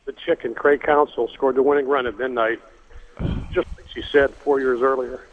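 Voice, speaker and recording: An older man recounts a personal family story in a halting, earnest way, full of fillers and restarts. His voice comes through a narrow, tinny phone line. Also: medium pitch, steady tone. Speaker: guest telling a family story.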